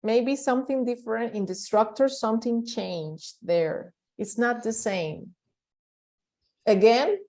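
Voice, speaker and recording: A woman's voice: on the high side, slow pace, darkish tone. Patient woman teaching over a video call. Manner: patient, repeats examples, many fillers. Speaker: English teacher. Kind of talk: online class explanation.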